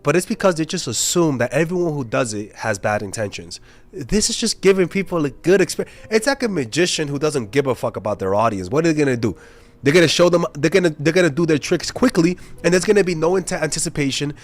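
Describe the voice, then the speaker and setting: A young man, a dating coach, talking casually and bluntly to camera, swearing freely and telling stories with animated energy. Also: a little high, fast. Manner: blunt, profane, animated storytelling.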